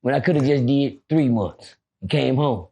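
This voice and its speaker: A man telling a prison story in casual chat, loud and profane, breaking into shouts. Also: mid-range voice, animated, moderate pace, husky. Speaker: podcast guest storyteller.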